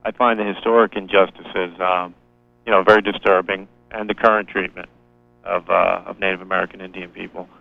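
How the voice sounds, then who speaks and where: Male caller, low and flat, gravelly, soft-spoken, tinny phone line. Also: a little fast, dry recording. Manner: quiet and hesitant. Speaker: radio caller. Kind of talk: phone-in question.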